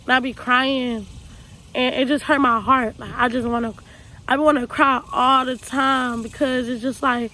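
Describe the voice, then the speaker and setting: A woman's voice: high-pitched, steady tone, normal speed, bright, forceful tone, rough recording. A young woman from Texas telling her life story to camera, earnest and raw, often repeating herself in loose casual speech. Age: young adult. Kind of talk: personal storytime monologue.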